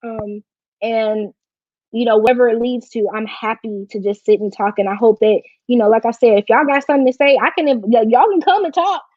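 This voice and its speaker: Heartfelt woman chatting live, close to tears, higher voice, dry lo-fi sound. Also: fairly even intonation, brisk, a little mellow, no echo. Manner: emotional and heartfelt, slangy and informal. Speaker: livestream host. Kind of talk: casual live-stream chat. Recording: dry, slightly dull lo-fi stream audio.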